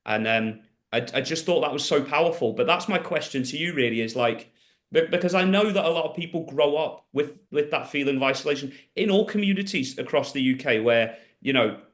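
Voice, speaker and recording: A man's voice: on the high side, expressive, fairly quick, a bit bright. Inquisitive male podcast host. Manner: inquisitive, thinks aloud while asking. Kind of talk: casual podcast interview.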